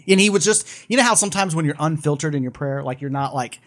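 A man's voice: on the high side, fast talker, few pauses. A man co-hosting a live podcast, telling a long story with many restarts and asides. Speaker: podcast co-host.

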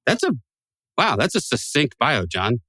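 A man's voice: medium pitch, huge pitch swings, a little slow, sharp tone, dry recording. Joking, rambling podcast co-host man. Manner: joking, rambling, laughs often. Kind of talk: casual chat.

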